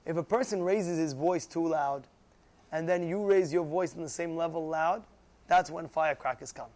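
A man teaching a religious class, animated, often acting out quarrels and asking if listeners follow. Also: a little high, normal speed. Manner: animated, acts out shouting voices, asks "you know?" often. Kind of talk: Torah class sermon.

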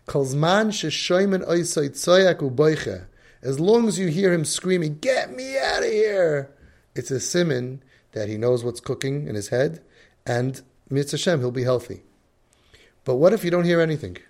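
A man's voice: a little high, lively intonation, moderate pace, darkish tone. A man giving a religious lecture as a parenting coach, emphatic and acting out the voices he quotes.

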